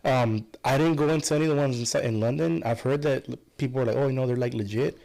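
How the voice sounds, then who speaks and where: Fast, rambling male storyteller on a casual podcast. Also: mid-range voice, creaky, crowd noise. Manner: rambling storyteller, many restarts and fillers. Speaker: podcast guest. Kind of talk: casual chat.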